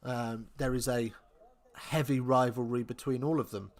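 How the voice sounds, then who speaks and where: A man's voice: mid-range voice, fairly even intonation, moderate pace. Young english guy doing a rugby watch-along live, chatty, kinda rambling, reads out viewer comments, mid voice. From England. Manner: chatty, thinks aloud, answers viewer comments. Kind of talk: casual live match commentary.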